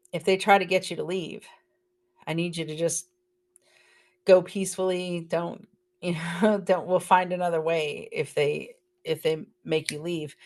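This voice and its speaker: A middle-aged woman, a podcast guest, earnestly retelling a personal story and quoting the people in it. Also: sits low. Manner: emotional, earnest retelling with quoted dialogue.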